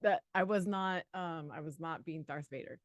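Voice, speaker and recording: A woman co-hosting a live study stream, chatty and quick to laugh. She talks through answers out loud, her voice a little low for a woman. The sound is close and dry, with no room echo. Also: muffled recording. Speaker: exam prep co-host.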